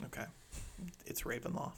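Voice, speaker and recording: A man co-hosting a casual gaming podcast, prompting guests and slipping in dry, teasing jokes. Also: moderate pace. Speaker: podcast co-host.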